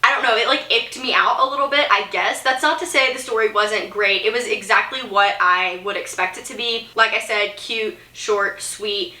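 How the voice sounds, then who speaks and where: A young woman talks through her reading vlog in an easy, chatty way, dropping in fillers and little giggles. Her voice sounds bright and a touch sharp. The room around her has a noticeable roomy echo. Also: mid-range voice, moderate pace, few pauses. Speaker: book vlogger. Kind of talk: casual reading vlog chat.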